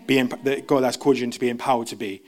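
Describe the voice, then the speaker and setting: A young man gives a relaxed sermon in a church. His talk is chatty and full of restarts. He jumps into a higher voice when he plays out the people in his stories. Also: fast talker. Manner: chatty, self-interrupting, acts out quotes in a high voice. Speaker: preacher. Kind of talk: casual sermon.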